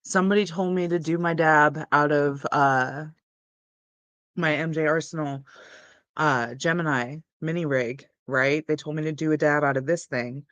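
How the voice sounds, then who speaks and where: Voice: medium pitch, steady tone, normal speed, a bit bright, dry recording. A young adult hosting a casual livestream, chatting in a laid-back, rambling way. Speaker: cannabis livestream host.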